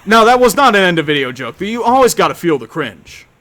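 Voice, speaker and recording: A young man chats casually to his stream while he plays, rambling from point to point with a sarcastic edge. His voice is bright and forceful and sits a little high, with a faint hiss of noise underneath. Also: sing-song. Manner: rambling, sarcastic, quick to joke. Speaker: live streamer answering chat. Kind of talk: casual live-stream chat over gameplay.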